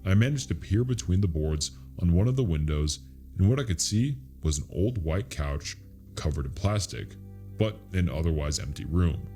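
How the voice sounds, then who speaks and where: A man reading a scary true story as a narrator, in a slow, hushed, suspenseful delivery. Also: low-pitched, expressive, faint music behind. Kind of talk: scripted horror story narration.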